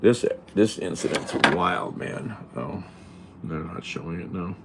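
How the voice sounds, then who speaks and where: A man's voice: low voice, unhurried, gravelly, heavy background noise. A man livestreaming from home, rambling casually and talking back bluntly to viewer comments. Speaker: livestreamer reading chat. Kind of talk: casual live-stream chat.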